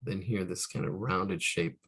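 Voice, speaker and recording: A man demonstrating caricature drawing as he sketches, describing each stroke and counting lines aloud. His voice sits low with a gravelly, husky edge. He often trails off into quiet muttering. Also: fairly even intonation, unhurried. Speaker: art instructor.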